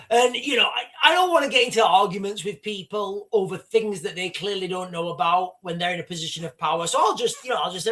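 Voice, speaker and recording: A northern English man hosting a livestream, giving fast, rambling political commentary with many restarts. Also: high-pitched, bright, forceful tone. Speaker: livestream host.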